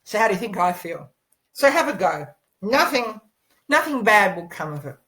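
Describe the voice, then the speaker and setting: A woman presenting a course lesson, telling a personal story in a lively way and encouraging the listener, speaking seated into a laptop microphone. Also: mid-range voice, normal speed, poor audio.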